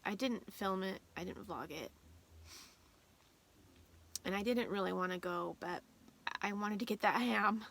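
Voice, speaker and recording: A woman's voice: mid-range voice, animated, unhurried, creaky, pauses often, fairly bright tone. Emotional woman vlogger telling a story. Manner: emotional, tearful at times, rambling with many fillers. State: holding back tears. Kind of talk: casual storytelling vlog.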